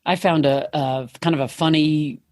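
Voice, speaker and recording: A woman's voice: sits low, fairly even intonation, normal speed, a little mellow, no room sound, studio quality. A woman guest on a podcast, speaking reflectively and earnestly in casual conversation. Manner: reflective, earnest, with hedging fillers.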